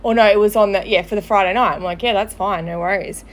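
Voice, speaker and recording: A woman's voice: mid-range voice, fairly even intonation, quick pace. A young woman telling a funny story in casual chat, chatty, swearing freely, laughing often and acting out other people's lines. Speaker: storyteller on a live show.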